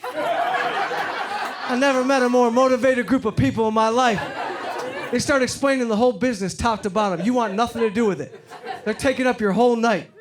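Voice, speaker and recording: A man's voice: very high voice, moderate pace, pauses often, crowd noise, noisy background. A man in his forties from Detroit doing a brash, profane stand-up set on a club stage, acting out the people in his stories. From Detroit, USA. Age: 40s. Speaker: stand-up comedian. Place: comedy club stage before a live audience. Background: audience laughter.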